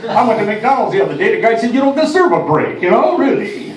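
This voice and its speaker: A man doing an impression of a put-upon middle-aged comic who complains loudly in rapid one-liners. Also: extremely high pitch, sing-song, crowd noise, pitched above the performer's own voice. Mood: griping. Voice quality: loud, strained, complaining. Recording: roomy, distant mic, faint ambience.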